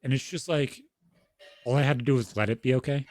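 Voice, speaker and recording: A man's voice: mid-range voice, a little fast, a little mellow, no echo. A young man on a podcast, talking frankly and swearing constantly as he tells stories from home. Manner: frank, heavy swearing, storytelling. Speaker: podcast co-host. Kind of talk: casual podcast conversation.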